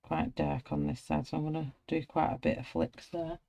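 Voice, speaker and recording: A woman's voice: low voice, little pitch movement, normal speed, vocal fry, mellow. A middle-aged woman with a British accent, chatting casually and narrating her work as she colours. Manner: chatty, self-narrating, friendly. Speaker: colouring artist. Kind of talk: casual chat while colouring.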